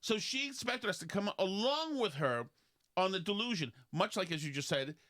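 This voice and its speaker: A man, hosting a casual podcast and telling rambling stories in which he mimics other people in high voices. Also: expressive, moderate pace, fairly bright tone. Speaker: podcast host. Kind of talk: casual talk show banter.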